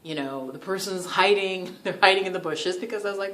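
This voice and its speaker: Here a New York woman with a medium-pitched voice tells a brisk, casual story straight to camera. The yoga and meditation vlogger is lively and talkative, breaking into frequent laughter and peppering her words with "like."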